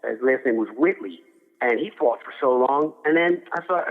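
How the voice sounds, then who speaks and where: A middle-aged boxing cutman from Philadelphia rambles through stories in a casual interview, restarting often and acting out quotes. His medium-pitched voice is expressive and moderately paced, heard over a phone-like line with long reverb.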